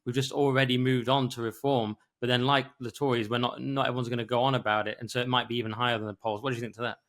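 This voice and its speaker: A tired man co-hosting a podcast, rambling quickly through his thoughts in casual talk. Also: medium pitch, level tone, fairly bright tone. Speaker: podcast co-host. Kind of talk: casual political discussion.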